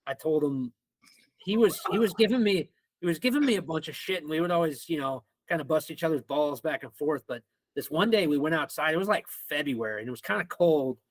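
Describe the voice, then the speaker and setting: A young man from Missouri telling a rowdy school story as a podcast guest, animated and swearing freely. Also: on the high side, a little fast, no room sound. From Missouri, United States. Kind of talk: casual storytelling.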